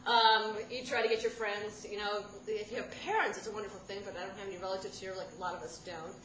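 A woman in her thirties telling a comic personal story to a live audience, rambling and self-deprecating, with sudden loud outbursts. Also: mid-range voice, steady tone, fast talker. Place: stage in a room with a live audience. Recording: roomy live room with background noise.

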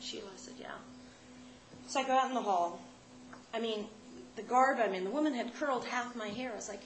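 A woman comedian telling a story live, wry and animated, acting out the people she quotes. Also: fairly high pitch, fairly quick, over a noisy crowd. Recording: echoey room, loud background noise.

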